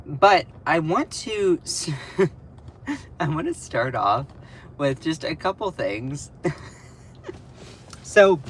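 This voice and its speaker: A man's voice: on the high side, sing-song, takes it slowly, long pauses, noisy background. A young man hosting a casual livestream from home, chatty and rambling, self-deprecating, with laughs and restarts. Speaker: livestream host. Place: at home over breakfast.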